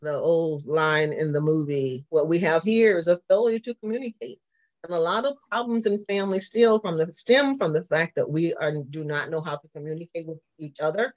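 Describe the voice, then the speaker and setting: Teaching a church class at a moderate pace, this Southern-accented pastor has a slightly high voice. His delivery is repetitive, and he regularly puts questions to the group.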